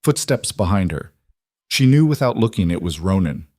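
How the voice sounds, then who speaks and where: Male narrator, low voice, even measured delivery, dry close recording. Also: no echo. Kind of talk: audiobook narration.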